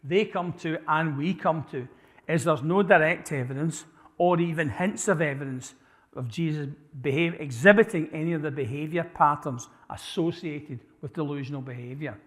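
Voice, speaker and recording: A man's voice: on the high side, moderate pace, a bit bright. Man speaking in a church hall. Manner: conversational, asks the audience questions, frequent restarts. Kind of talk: apologetics talk to a church audience. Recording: live church hall with long reverb.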